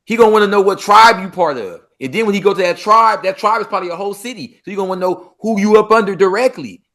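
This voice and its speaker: A man from Los Angeles with a Los Angeles accent, a podcast guest in casual interview talk, animated and acting out street dialogue. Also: sits high, fast. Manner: animated, acts out street dialogue, swears freely.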